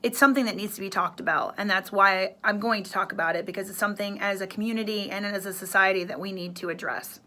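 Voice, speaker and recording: A woman's voice: medium pitch, steady tone, quick pace, hardly any pauses, sharp tone. A woman in her thirties, a radio host, telling a personal story in an earnest, emotional way.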